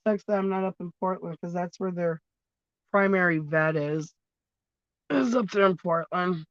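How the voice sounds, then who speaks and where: A woman's voice: fairly low pitch, moderate pace, no echo. A woman hosts a loose livestream chat from her phone, drifting from topic to topic, cursing freely and laughing as she goes. The sound is dull and lo-fi, and the room is dry and close. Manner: rambling, swears freely, laughs often. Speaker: livestream host.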